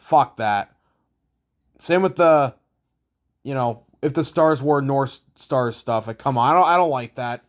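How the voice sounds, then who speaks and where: A young man from Canada giving blunt, profane hockey opinions in a casual, rambling rant full of restarts. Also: medium pitch. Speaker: hockey vlogger.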